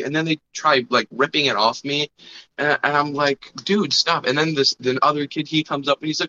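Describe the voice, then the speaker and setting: Young guy podcast host rambling thru a story, lots of um and like, bright tone, lo-fi dull sound. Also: fairly high pitch, steady tone, moderate pace. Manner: rambling with fillers, acts out voices. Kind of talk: casual storytelling.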